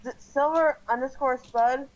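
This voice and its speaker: A woman's voice: sits high, fairly even intonation, moderate pace, dull audio. A woman playing a game over a call, asking questions casually and hesitantly. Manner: hesitant, asks lots of questions. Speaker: player on a call. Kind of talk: casual gaming chat.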